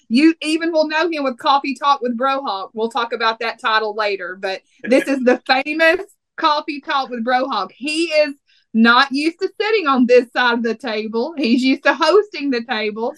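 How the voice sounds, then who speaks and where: Texan lady hosting a podcast, high voice, playful and teasing. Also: moderate pace, fairly bright tone. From Texas. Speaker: podcast host. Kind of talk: casual podcast chat.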